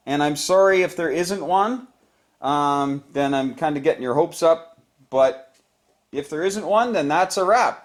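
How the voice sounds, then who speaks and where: A man playing a board game at home and narrating each dice roll to his viewers, growing excited as the rolls go his way, recorded on his own camera. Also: fairly high pitch. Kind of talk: casual play-by-play of a board game. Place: home, indoors.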